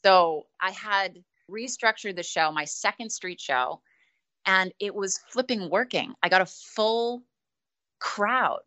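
A woman who is a street performer, telling stories in a casual interview, chatty and self-deprecating and quick to laugh. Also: mid-range voice, bright, forceful tone.

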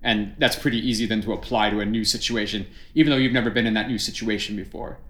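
A man's voice: lowish voice, steady tone, fast talker, fairly bright tone. Reflective middle-aged man, roomy echo. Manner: reflective, explains ideas at length. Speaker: juggler. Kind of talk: casual conversation.

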